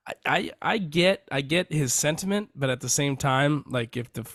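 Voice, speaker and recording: A man's voice: fairly high pitch, lively intonation, normal speed, a bit bright, dry recording, studio quality. A young man co-hosting a casual podcast, talking hesitantly and restarting his sentences. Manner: hesitant, restarting, says dude a lot. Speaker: podcast co-host.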